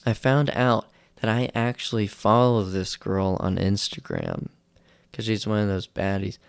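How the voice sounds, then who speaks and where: A young man rambles through a casual podcast story, poking fun at himself. His voice has a gravelly, creaky texture. The sound is close and dry, with no room echo. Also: fairly low pitch, big pitch swings, measured pace. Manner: rambling, self-deprecating, acts out quotes in raised voices. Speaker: podcast host.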